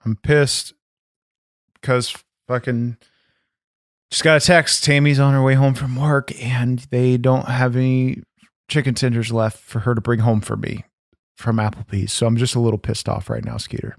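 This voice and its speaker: A man playing a brash, foul-mouthed backyard wrestling champion who hosts a comedy podcast and boasts loudly. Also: mid-range voice, little pitch movement, moderate pace, gravelly, no room sound, clean studio sound, natural voice. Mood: grumpy. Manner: boastful, profane, blustering. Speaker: podcast host. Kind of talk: comedy podcast character bit.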